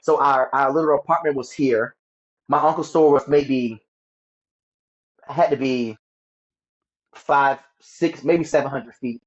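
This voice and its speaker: A man's voice: mid-range voice, fairly even intonation, takes it slowly, pauses often, highs cut off. A man telling a painful childhood story as an interview guest. He stumbles, repeats words and acts out the voices of people he quotes. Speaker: guest sharing his story. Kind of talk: emotional personal storytelling.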